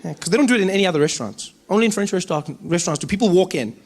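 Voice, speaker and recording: A man performing a stand-up comedy routine, telling stories with animated delivery and imitated voices. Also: high voice, very fast. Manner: animated storytelling, mimics voices.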